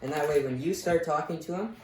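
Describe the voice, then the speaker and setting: A man's voice: a little high, fast, a little mellow. A man giving a casual, blunt sales lesson who swears freely and tells stories from his own calls. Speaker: sales coach. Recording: roomy, distant mic, faint noise.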